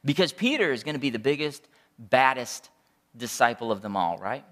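A man's voice: mid-range voice, animated, moderate pace, a bit bright. A man preaching a sermon as pastor, in a conversational and joking way.

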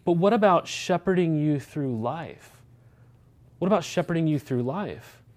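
Warm-voiced pastor preaching. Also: male voice, on the high side, expressive, a little slow. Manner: conversational preaching, frequent rhetorical questions and "right?". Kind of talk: sermon.

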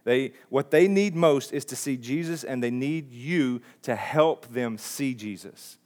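A man's voice: mid-range voice, measured pace, a little mellow. A male pastor delivering a sermon with a mid-range voice. He talks in an earnest, conversational way and often restarts his phrases as he goes.

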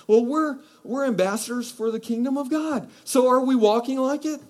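A man preaching a sermon from Texas, animated and exhorting, asking the congregation rhetorical questions. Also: extremely high pitch, a little fast, hardly any pauses. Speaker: pastor.

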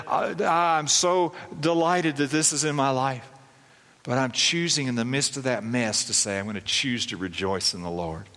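A man preaching a sermon as pastor, talking conversationally with rhetorical questions and dropping softly low at the ends of lines. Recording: long hall reverb.

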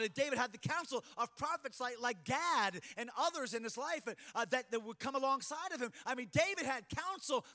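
A man delivers a sermon in a very high voice, pressing his points with rising emphasis. His tone is bright and forceful. He steps into quoted lines with dramatic flair. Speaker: pastor.

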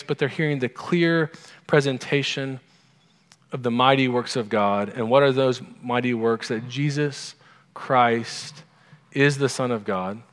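A male pastor giving a conversational sermon, informal and asking the congregation questions. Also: medium pitch. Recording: long hall reverb.

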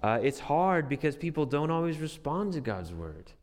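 A man's voice: fairly high pitch, sing-song, moderate pace, in a large hall. A man preaching a sermon as a pastor, earnest and conversational, with restarts and light self-deprecating humor.

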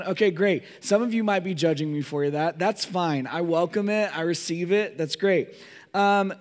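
A man pastor giving a sermon with a hoarse voice from a cold, talking in a casual, joking way with many fillers and asides. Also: sits high, a little mellow.

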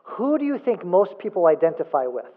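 Emphatic preacher on a tinny line. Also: male voice, high voice, sing-song, brisk. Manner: emphatic, rhetorical questions, repeats for emphasis. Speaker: pastor. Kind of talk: sermon. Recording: phone-like thin sound.

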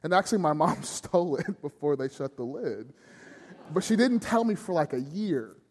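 A man's voice: fairly high pitch, lively intonation, normal speed, darkish tone, slightly rough. A middle-aged man preaching a sermon, telling family stories with self-deprecating humor. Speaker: pastor. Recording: long hall reverb.

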